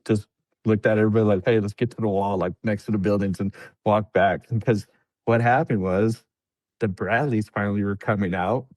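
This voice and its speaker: A man with a low, dry-miked voice tells a war story in relaxed podcast chat. He acts out what others said, jumping up into a higher voice for the quotes, and peppers his telling with fillers and laughs. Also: a little fast, no echo. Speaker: podcast guest, veteran. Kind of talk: casual storytelling.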